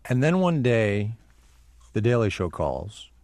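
A man's voice: lowish voice, very animated, slow, darkish tone, dry recording. A man hosting an interview, asking casual prompting questions. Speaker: interviewer host. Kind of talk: conversational interview.

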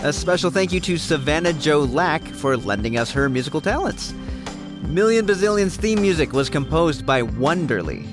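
A man hosts a children's podcast about money with a bouncy, animated delivery. His voice moves around a lot in pitch. Music plays underneath him. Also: moderate pace. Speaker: podcast host. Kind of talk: upbeat kids' podcast hosting.

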